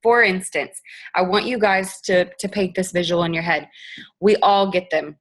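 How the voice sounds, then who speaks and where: A woman's voice: fairly low pitch, steady tone, normal speed. A young woman giving a chatty, upbeat coaching talk on a team call, acting out example messages. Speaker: direct-sales team leader.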